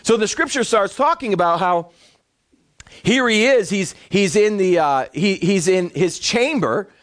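Animated preacher with a lively high voice. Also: male voice, a little slow. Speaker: pastor. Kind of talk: sermon. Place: church before a congregation.

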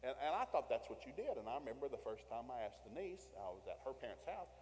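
A fast-talking man preaches a storytelling sermon, dropping to a hush and then rising to loud bursts. His voice carries a long hall reverb with a faint hum behind it. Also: medium pitch. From American South. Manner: storytelling preacher, swings from hushed to loud and animated. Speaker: pastor.

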